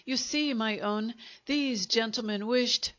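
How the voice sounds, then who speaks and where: A woman's voice: on the high side, takes it slowly, fairly bright tone, no echo. A woman doing a courtly, regretful plump coffin maker. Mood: coaxing. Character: serene plump middle-aged male coffin maker, overly polite. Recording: dull lo-fi recording.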